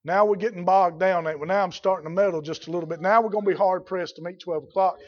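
Male preacher, plainspoken sermon, high voice, muffled old recording. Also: steady tone, fast. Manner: folksy, blunt, builds to shouting.

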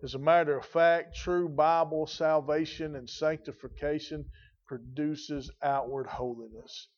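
A man's voice: a little high, fairly even intonation, measured pace, lo-fi sound. A man preaching a sermon in a folksy, emphatic way, his intensity rising and falling. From rural.

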